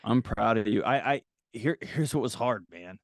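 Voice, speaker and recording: A man guest on an interview podcast, telling personal stories in a candid, animated conversational way. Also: medium pitch, moderate pace, no echo, studio quality. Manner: candid, animated, acts out quotes. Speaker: guest author. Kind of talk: casual conversational storytelling.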